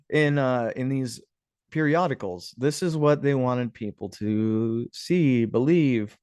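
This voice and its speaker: A man in the middle of his pitch range talks through old etchings and clippings in a loose, musing way. He slips into sarcasm often and calls his viewers "guys". The sound is close and dry, with no room around it. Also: lively intonation, slow pace, a little mellow, clear, resonant tone, no echo. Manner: musing, sarcastic asides, frequent "guys" and chuckles. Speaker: history video host. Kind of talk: casual commentary over images.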